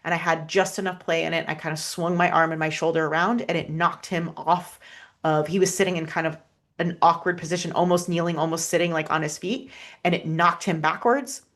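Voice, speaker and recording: A woman, a podcast guest, telling a personal story in an earnest, halting way, with many restarts and fillers. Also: sits low, steady tone, a bit bright.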